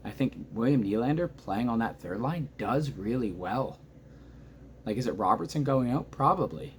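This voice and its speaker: A man recapping a hockey game at home at night, talking quietly but keyed up and emotional, rambling through the plays. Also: mid-range voice, expressive, moderate pace, slight background noise. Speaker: hockey fan reacting to a game. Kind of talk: excited post-game reaction monologue.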